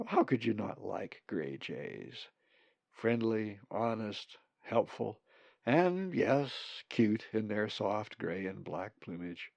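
A man narrating an audiobook slowly and expressively. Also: on the low side, vocal fry, no room sound. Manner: slow, expressive. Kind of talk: scripted narration. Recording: dull lo-fi recording.

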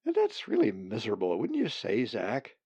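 A man voicing a gentle, patient female raven who soothes a young bird. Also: medium pitch, wildly swooping pitch, moderate pace, breathy edge, no room sound, lo-fi sound, exaggerated voice. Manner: soothing, reassuring.

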